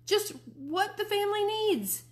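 A woman reading a children's book aloud, voicing an angry ten-year-old boy who shouts in a high, outraged voice. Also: animated, normal speed.

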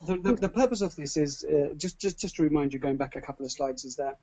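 A man's voice: fairly high pitch, quick pace, rough recording. A man hosting an online webinar, presenting with showman energy and often repeating words as he goes. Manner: showman, repeats words, stumbles when excited. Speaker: webinar host.

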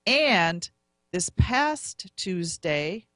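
Upbeat lower-voiced woman co-host. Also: big pitch swings, extremely slow, pushed and bright, no echo, studio quality. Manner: upbeat promotional. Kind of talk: casual podcast chat.

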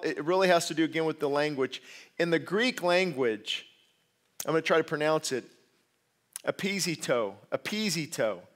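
A man preaching a sermon, emphatic and repeating key words, with conversational asides and self-corrections. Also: a little high. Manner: emphatic, repeats key words, grows louder when stressing points. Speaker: pastor.

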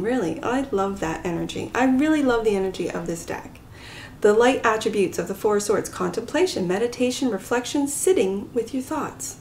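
A gentle, soft-spoken woman giving a pick-a-card tarot reading to her viewers, sometimes dropping to a whisper. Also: a little high, animated, normal speed, slight background noise. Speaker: tarot reader.

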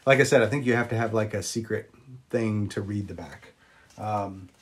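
Chatting on a live stream, a male vlogger greets viewers while showing old magic props. He fills pauses with frequent ums and uhs and jumps up high on exclamations.

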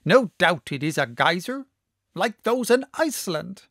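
A man voices a boisterous older professor in an audiobook, loud and emphatic with a slightly raised, gravelly voice. He speaks in a dry, close sound. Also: sits high, big pitch swings, measured pace, dry recording, exaggerated voice. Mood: exclaiming.

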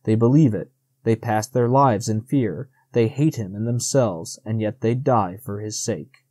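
A man reading an audiobook voices a wise old male stag speaking low and gravely. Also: unhurried, dark tone, no room sound.

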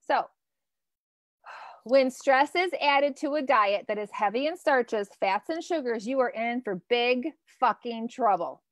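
Animated high-voiced woman nutrition coach. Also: dry recording, studio quality. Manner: animated, casual, swears freely, reacts to viewer comments. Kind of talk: live-streamed coaching talk.

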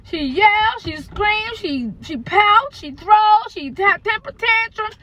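High-voiced American mom venting in car. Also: female voice, animated, slow pace, a bit bright, muffled recording. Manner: blunt, exasperated, frank with cursing. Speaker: mother vlogger. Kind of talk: candid venting car chat. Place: parked car, then driving home.

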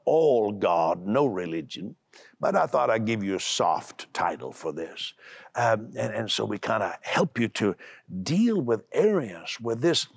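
Brusque, gravelly-voiced man preaching on TV. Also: fairly low pitch, dry recording. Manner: brusque, emphatic, repeats words when building up. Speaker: preacher and TV host. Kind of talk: televised sermon.

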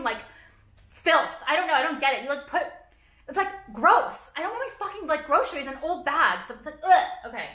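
A young woman vlogs straight to camera in a casual rant, her high voice bright and forceful in an echoey room. She is sarcastic, swears often, and says "like" constantly.

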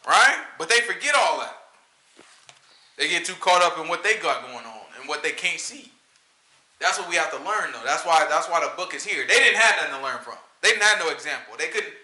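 A man teaching scripture in an informal, conversational sermon, slangy and animated, often checking in with "right?". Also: fairly high pitch, fast, roomy sound. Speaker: teacher leading a scripture study.

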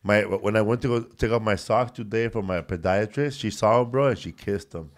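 A man's voice: fairly low pitch, fairly quick. A man who hosts a comedy podcast, rambling through funny anecdotes in casual chat and saying "bro" constantly.

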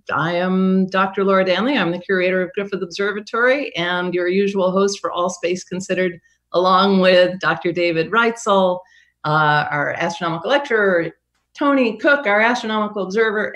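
A woman's voice: mid-range voice, fairly bright tone. A woman, an observatory curator, hosting a live science show from home over a video call, talking casually with many hesitations. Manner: hesitant, lots of fillers.

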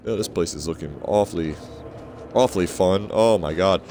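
A man's voice: low voice, moderate pace, mellow, a little hiss or hum. A man giving let's play commentary over a horror game, sarcastic and profane, easily grossed out. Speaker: gaming video creator.

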